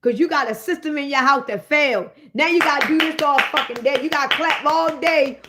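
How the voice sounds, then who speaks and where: A woman in a comedic rant, swearing freely and calling out to her listeners. Her voice sits high, and her delivery is animated. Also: noisy background. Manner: profane, animated, addressing listeners directly. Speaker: host.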